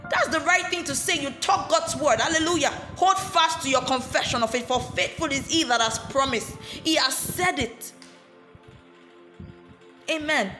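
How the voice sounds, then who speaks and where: A woman preaching a sermon with fervour, often calling out hallelujah and amen and repeating phrases for emphasis. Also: sits high. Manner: addresses listeners directly and repeats phrases for emphasis. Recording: roomy, echoey sound.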